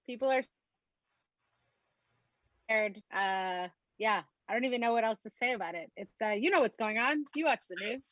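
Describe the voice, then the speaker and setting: A woman's voice: on the high side, normal speed, pauses often, fairly bright tone, no room sound. Sarcastic woman on a muffled mic. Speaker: comedian guest. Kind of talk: casual comedic chat.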